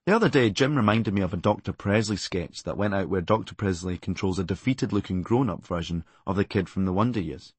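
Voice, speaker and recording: Husky deadpan Scottish man. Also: deep voice, fast, hardly any pauses, dry recording. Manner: deadpan, dark comic delivery. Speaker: comedian narrating his memoir. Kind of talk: audiobook memoir reading.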